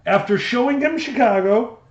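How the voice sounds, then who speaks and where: Animated man, high-pitched, casual stream co-host, roomy, muffled mic. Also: normal speed. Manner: animated storytelling. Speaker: livestream co-host. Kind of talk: casual chat. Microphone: desk microphone.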